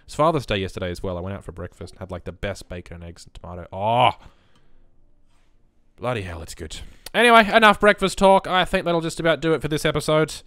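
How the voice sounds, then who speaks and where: A man's voice: lowish voice, lively intonation, fast, fairly bright tone, dry recording. A young man giving chatty gameplay commentary as a let's play host, muttering reactions as he goes.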